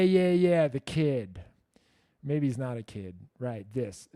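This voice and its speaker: Rambling, self-mocking man with a warm voice. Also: medium pitch, no room sound, studio quality. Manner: rambling, self-deprecating, lots of likes and you-knows; blunt, profane asides. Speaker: host answering viewer questions. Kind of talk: casual livestream Q&A.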